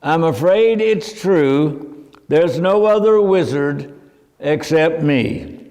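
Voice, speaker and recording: A man's voice: animated, slow pace, a little mellow, long reverb tail. A man reading aloud the lines of a blustering, stammering male wizard. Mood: sheepish. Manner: booming then stammering.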